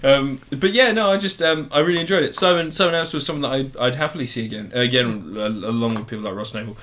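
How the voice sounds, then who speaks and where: A man co-hosting a podcast, talking in a casual, animated way and swearing freely. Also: mid-range voice, fast. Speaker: podcast co-host. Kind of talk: casual chat.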